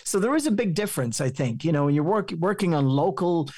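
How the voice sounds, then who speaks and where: A man's voice: fairly high pitch, fast talker, no room sound, studio quality. A talkative Irish man who works in radio and voice-over, chatting freely as an interview guest. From Ireland. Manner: chatty, rambling, animated. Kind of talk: conversational interview.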